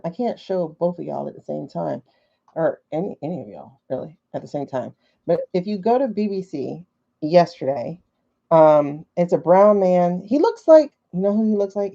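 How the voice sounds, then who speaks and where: A woman's voice: lowish voice, lively intonation, moderate pace, creaky, dark tone. A woman hosting a casual livestream from her phone, chatty and skeptical, thinking aloud with many fillers. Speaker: livestream host. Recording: dull lo-fi livestream audio.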